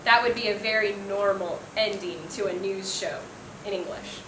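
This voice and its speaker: A woman's voice: medium pitch, moderate pace. A woman English teacher gives spoken feedback to a class, encouraging, with frequent ums and small laughs. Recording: echoey room, faint room noise.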